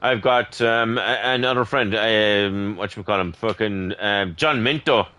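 A man's voice: on the low side, a little slow, sharp tone. A man with an Irish accent, a gaming streamer chatting casually with another player, joking boisterously and swearing freely. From Ireland. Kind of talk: casual voice chat while gaming.

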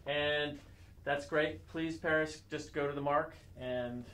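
A man's voice: fairly high pitch, steady tone, takes it slowly, reverberant, distant mic, background noise. An actor playing a harried film director who coaxes his model and keeps calling action and cut. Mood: coaxing. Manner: cajoling, flustered, calls action and cut.

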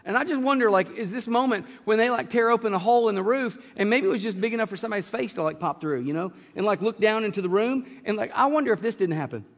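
Male pastor, high voice, acts out bits of the story, church hall echo. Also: quick pace, hardly any pauses. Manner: animated storytelling, acting out characters with asides and laughs. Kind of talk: sermon. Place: church sanctuary. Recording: long hall reverb.

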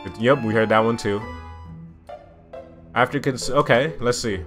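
A young man giving loud, slangy, exasperated commentary while playing a school simulator game. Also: mid-range voice, unhurried, pauses often, soft background music. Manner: slangy, repeats phrases. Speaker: gaming YouTuber. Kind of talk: casual let's-play commentary.

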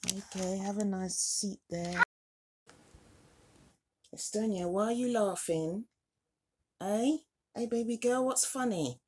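Gentle motherly woman cooing over dolls. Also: mid-range voice, takes it slowly, long pauses, husky. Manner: gentle, motherly baby-talk to her dolls. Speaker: doll collector and channel host. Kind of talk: doll unboxing vlog.

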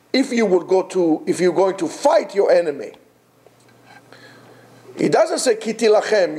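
Brief: male Torah teacher, a little high-pitched, mellow, emphatic with rhetorical questions. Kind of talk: Torah class lecture.

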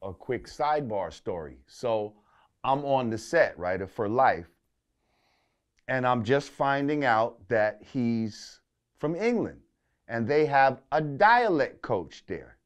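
A man with a New York accent talks casually as an interview guest. His pitch sits in the middle range, and he swears freely as he tells a loose, rambling anecdote. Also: big pitch swings, slow. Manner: profane, storytelling, loose and conversational.

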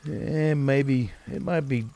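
A man's voice: mid-range voice, steady tone, slow pace, warm tone. A man streaming a game and chatting casually with his viewers, bantering with them by name. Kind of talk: casual live gameplay commentary.

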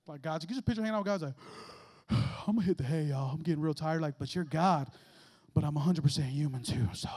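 High-voiced, animated preacher man. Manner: animated, joking, acts out little voices and asides. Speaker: guest preacher. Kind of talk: lively conversational sermon. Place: church sanctuary.

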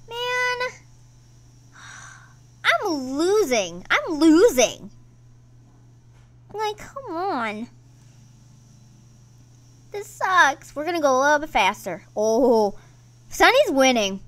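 A woman hosting her gaming channel, giving casual let's-play commentary in an excitable, playfully grumbling way. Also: sits high.

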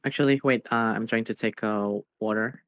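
A man playing a game with a friend, chatting casually and softly in short replies. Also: lowish voice, fairly even intonation, a little fast, no room sound, clean studio sound. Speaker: fellow streamer. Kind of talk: casual gaming chat.

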